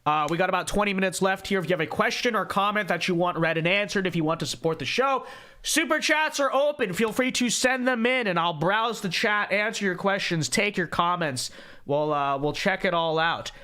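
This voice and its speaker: A young man hosting a livestream podcast, chatting casually, rambling and repeating words with sudden animated outbursts. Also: high-pitched, fairly quick, clean tone. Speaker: podcast host.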